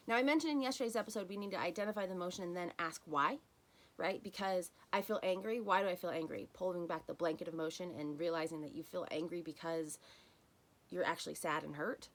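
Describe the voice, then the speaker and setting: A woman hosting a solo self-help podcast, talking in an earnest, encouraging way and softening to near-whispers on key phrases. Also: fairly low pitch, fairly quick. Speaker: podcast host.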